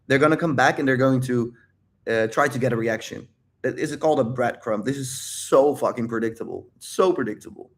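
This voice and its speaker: A man's voice: mid-range voice, moderate pace. Man, livestream coach, emphatic and repetitive, swears a lot, talks straight to chat. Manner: addresses viewers directly. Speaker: dating and life coach.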